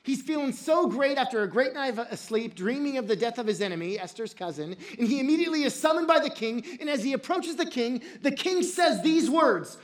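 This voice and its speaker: A pastor retelling a story in a sermon, dramatic and jokey, with bursts of shouting at the high points. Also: animated, normal speed.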